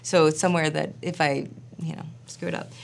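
A woman who acts and directs, telling a story in a casual interview, chatty and animated with plenty of fillers. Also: sits low, brisk, creaky, slight background noise. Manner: animated, chatty, full of fillers and quoted asides. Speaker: actor and film director.

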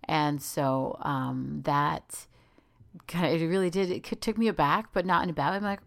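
A woman co-hosting a podcast and speaking as a mother, earnest and expressive in casual chat, often trailing off and restarting. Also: sits low, moderate pace, creaky.

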